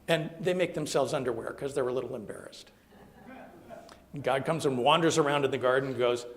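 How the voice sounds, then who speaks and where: A minister giving a sermon in an animated, conversational storytelling manner, with plenty of fillers and restarts. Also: male voice, medium pitch, brisk.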